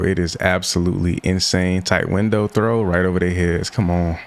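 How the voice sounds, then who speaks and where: A man's voice: low-pitched, a little hiss or hum. Frustrated young man commentating gameplay. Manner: frustrated, slangy, self-talk while playing. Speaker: gaming YouTuber.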